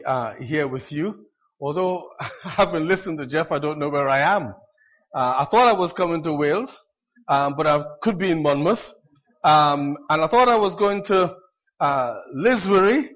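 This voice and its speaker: Male preacher, high voice, chatty and self-deprecating, dull lo-fi church recording. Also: fairly bright tone. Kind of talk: sermon.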